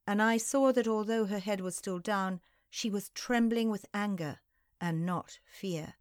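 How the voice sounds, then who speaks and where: A woman narrating a historical novel in the first person, in slow, measured storytelling. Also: mid-range voice, dry recording, clean studio sound.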